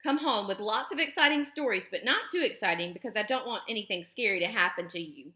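A woman voicing a chatty, excitable squirrel with a bubbly, fast-talking manner. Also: mid-range voice. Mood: excited. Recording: roomy echo.

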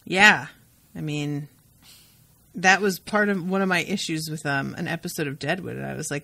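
A woman co-hosting a podcast in casual chat, animated and blunt, with quick asides. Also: deep voice, gravelly. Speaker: podcast co-host.

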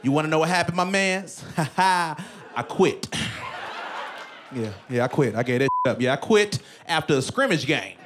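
A man doing stand-up comedy in an animated way, often breaking into shouts and laughter. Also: fairly high pitch, moderate pace.

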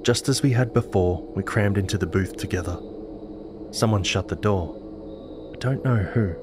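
A man narrating a scripted horror story in a measured, dramatic manner. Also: fairly low pitch, background noise. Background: music.

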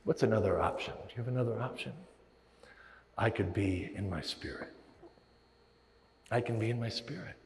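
A pastor with a lowish voice preaches at a moderate pace with long pauses, animatedly telling stories and acting out the voices in his head. A little hiss or hum is audible, and the large church hall gives a long reverb.

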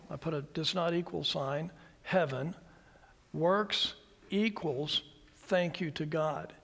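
Gravelly man teaching in an echoey hall. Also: high voice. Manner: storytelling, walks class through diagrams. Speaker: church teacher. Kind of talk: workbook class teaching. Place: church hall.

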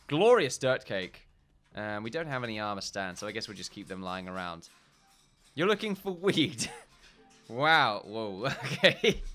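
Lively, bright-voiced young man gaming. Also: medium pitch. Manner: chatty, joking, swears and laughs while playing. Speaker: gaming YouTuber. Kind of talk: casual let's-play commentary.

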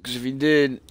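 A man's voice: mid-range voice, creaky, a bit bright, no room sound. Hungover man streaming a game. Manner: frustrated, muttering questions to himself. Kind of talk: live gameplay commentary.

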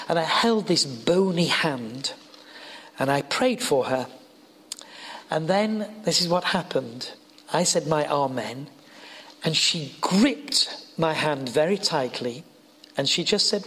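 A man's voice: on the high side, big pitch swings, unhurried, fairly bright tone. A middle-aged man with a northern English accent preaching a sermon as an evangelist, telling stories earnestly and building to emphatic peaks. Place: college chapel. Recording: reverberant hall.

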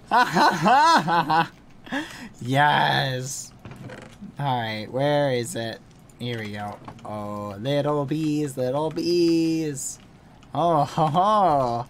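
A man's voice: a little high, lively intonation, slow, a bit bright, slight background noise. A man streaming a video game, chatting playfully with his viewers and breaking into sudden gushing squeals. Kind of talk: live game stream chat.

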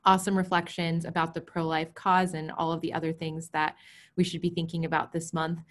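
A woman's voice: sits low, little pitch movement, brisk. A woman moderating a panel, upbeat, thanking the panelists and closing the session with frequent filler sounds over a video call. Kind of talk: closing remarks.

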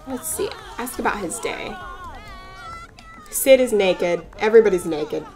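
A woman's voice: mid-range voice, animated, measured pace, long pauses, over music. A woman giving casual, playful commentary over a life-sim game. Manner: chatty, playful, voices the characters' chatter. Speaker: let's play gamer.

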